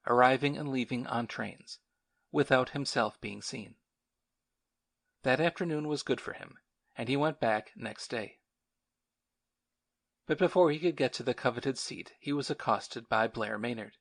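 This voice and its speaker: Guy reading an old novel aloud, steady and sombre. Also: medium pitch, normal speed, pauses often. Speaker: audiobook narrator. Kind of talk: scripted narration.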